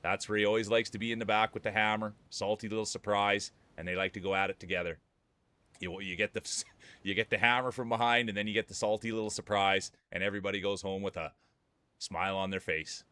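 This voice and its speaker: A man with a fairly low voice calls marble races on a live stream. He rambles between jokes and often laughs. His tone stays loose and playful as he reads out the racers. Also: steady tone, brisk, pushed and bright, clean tone, no echo. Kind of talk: casual live-stream commentary and banter.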